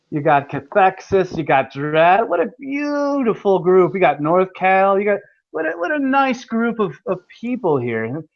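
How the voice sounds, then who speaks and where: A man hosting a casual live-stream chat, rambling and swearing freely over a video call. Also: high-pitched. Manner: profane, rambling. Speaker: host. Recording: dull lo-fi stream audio.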